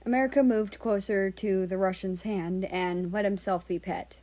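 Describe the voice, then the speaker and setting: A woman reading a fan-fiction story aloud as narrator, in a steady storytelling delivery. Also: mid-range voice, moderate pace. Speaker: fan-fiction audiobook reader. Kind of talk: scripted narration.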